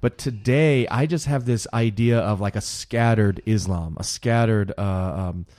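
A man's voice: fairly low pitch, unhurried, a little mellow. A man hosting a talk show, asking hesitant questions with frequent restarts. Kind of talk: Christian talk show discussion.

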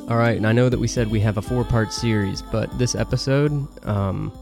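A man's voice: fairly low pitch, steady tone, a little fast, vocal fry, over music. A man co-hosting a podcast in casual chat, explaining things thoughtfully with many ums and uhs. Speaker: podcast co-host.

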